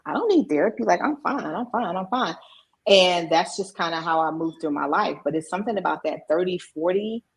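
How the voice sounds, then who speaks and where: Brief: middle-aged woman, low husky voice, candid personal storyteller. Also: rough recording. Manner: candid, emotional, acts out quoted voices. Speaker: podcast guest, mindset coach.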